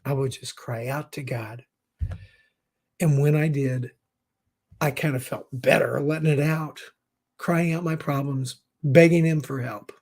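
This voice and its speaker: A man's voice: mid-range voice, steady tone, unhurried, long pauses, darkish tone. A middle-aged man hosting a live-stream talk show, reading viewer comments and talking in an encouraging, folksy, reassuring way. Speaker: show host.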